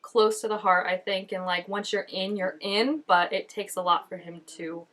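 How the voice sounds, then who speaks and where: A woman hosting a casual reaction video, chatty and animated, with lots of filler words and quick laughs. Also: mid-range voice. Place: indoors at home, changing daylight.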